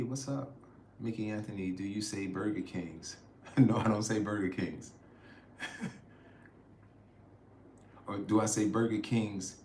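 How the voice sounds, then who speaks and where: A middle-aged American man reading viewer comments aloud in a relaxed livestream, laughing often and saying "y'all". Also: on the low side. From United States. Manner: laid-back, chatty, laughs often, says "y'all". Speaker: travel vlogger reading live chat. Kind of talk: casual livestream chat. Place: outdoors in a city. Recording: echoey with faint ambient noise.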